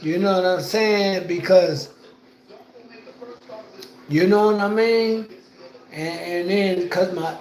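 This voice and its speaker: A man talks casually on a livestream from home, rambling and repeating himself with plenty of slang. His voice sits high for a man and he takes his time with each phrase. The sound bounces around an echoey room. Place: at home indoors.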